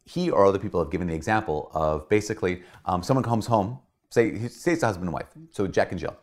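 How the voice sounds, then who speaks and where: A man, a priest, giving a casual teaching talk in a conversational, animated way. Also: deep voice, quick pace. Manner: conversational, animated, acts out quoted voices. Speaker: Catholic priest.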